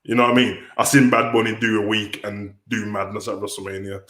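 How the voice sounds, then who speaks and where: A man's voice: on the low side, completely flat delivery, brisk, a bit bright. A man hosting a livestream, ranting bluntly and casually with many restarts. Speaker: wrestling commentator and livestream host. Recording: roomy echo.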